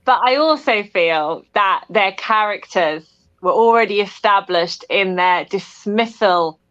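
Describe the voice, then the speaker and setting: A woman at a middle pitch, heard through dull, lo-fi call audio. She is forthright, piling up her objections to the characters in quick succession. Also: a bit bright. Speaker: book club member. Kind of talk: casual book discussion.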